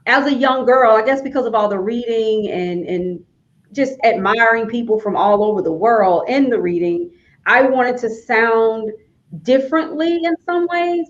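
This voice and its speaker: A woman with a Southern US accent from Alabama, hosting a casual interview as an author, chatty and emphatic. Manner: chatty, emphatic, rising to high exclamations. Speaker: host, author. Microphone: video call. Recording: dull lo-fi stream audio.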